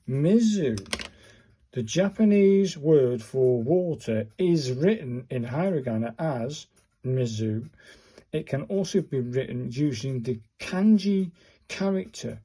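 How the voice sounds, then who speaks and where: Middle-aged man vlogging, slow and mellow, a bit husky, exasperated chatty delivery. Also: medium pitch. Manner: chatty, exasperated, talks to viewers while searching cards. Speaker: vlogger learning calligraphy. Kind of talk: casual self-recorded tutorial.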